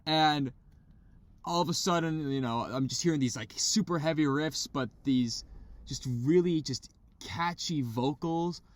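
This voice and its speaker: A man co-hosting a podcast from a parked car, chatting casually and excitedly about albums, swearing freely. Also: a little high, measured pace. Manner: excitable, swears, imitates vocals. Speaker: podcast co-host. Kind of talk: casual chat.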